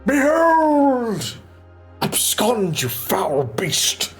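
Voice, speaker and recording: A streamer voicing a grandiose herald who proclaims a mock decree in a theatrical, booming way. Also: big pitch swings, extremely slow, faint music behind, full character voice. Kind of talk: live stream banter.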